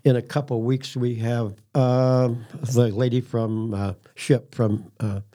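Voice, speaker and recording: A man's voice: medium pitch, level tone, slow, warm tone. A man hosting a talk show about senior services, telling rambling stories with many ums and restarts. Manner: rambling storyteller with filler words and restarts. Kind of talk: casual podcast chat.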